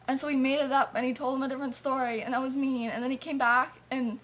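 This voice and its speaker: High-voiced woman rambling through a story. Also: little pitch movement, quick pace, a bit bright. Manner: rambling, lots of "like" and "and so". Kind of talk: casual confessional storytelling.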